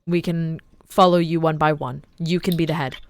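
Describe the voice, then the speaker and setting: A woman's voice: low voice, steady tone, normal speed, a little hiss or hum. A woman playing a tabletop game, chatting casually and directing the party's moves. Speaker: player.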